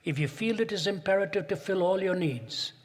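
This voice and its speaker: A man's voice: high-pitched, lively intonation, fairly quick. A man giving a public lecture, rhetorical and building to emphatic peaks, recorded in a large auditorium. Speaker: speaker. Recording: long reverb in a big hall.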